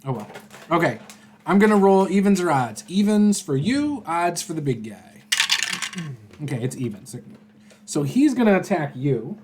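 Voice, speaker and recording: A man's voice: on the high side, sing-song, normal speed, darkish tone, a little hiss or hum. A man acting as game master in a tabletop role-playing game, talking casually with a chuckle and lots of filler words.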